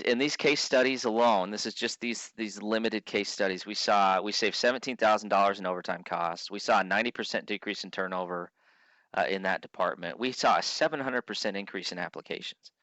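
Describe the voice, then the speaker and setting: A man's voice: lowish voice, a bit bright, no room sound, lo-fi sound. A man giving a conference keynote speech, telling stories earnestly and often restarting his sentences. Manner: earnest storytelling with frequent restarts. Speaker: keynote speaker.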